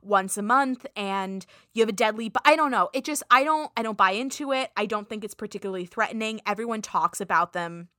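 A woman's voice: medium pitch, brisk, few pauses, a bit bright, no echo, studio quality. A woman co-hosting a podcast in casual chat, dismissive and chatty, with lots of "like". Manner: dismissive, chatty, heavy use of "like". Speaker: podcast co-host.

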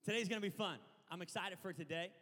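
A man preaching a lively sermon from a church stage, leading loud call-and-response with the crowd. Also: sits high, quick pace. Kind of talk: energetic sermon. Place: church auditorium. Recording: long hall reverb.

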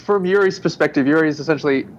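A man's voice: on the high side, rapid-fire, highs cut off, slight background noise. A man playing a tabletop game, casually describing his character's moves with lots of fillers. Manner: casual, rambling with many "like"s. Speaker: player.

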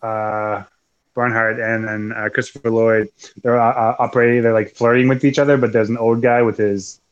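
A man's voice: mid-range voice, flat delivery, moderate pace, clean tone, highs cut off. A man co-hosting a podcast, chatting loosely about a film and laughing often. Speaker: podcast co-host. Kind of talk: casual film discussion.

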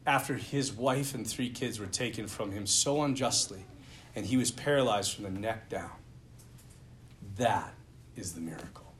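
A man voicing a very old barefoot friar, speaking slowly, quietly and deliberately. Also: on the low side, slight background noise, pitched below the performer's own voice, lightly acted. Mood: solemn. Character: very old barefoot bearded male friar, gentle and solemn.

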